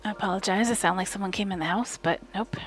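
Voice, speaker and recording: A woman streamer reading a novel aloud live from home, in steady, wry first-person narration. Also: medium pitch, fast talker, soft background music.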